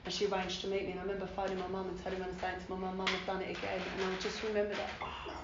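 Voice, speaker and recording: A woman with a London accent tells her recovery story at a meeting in a frank, animated way, swearing freely and acting out the voices of the people in it. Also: mid-range voice, very fast, roomy sound, muffled recording, heavy background noise. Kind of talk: personal recovery testimony at a meeting. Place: meeting hall.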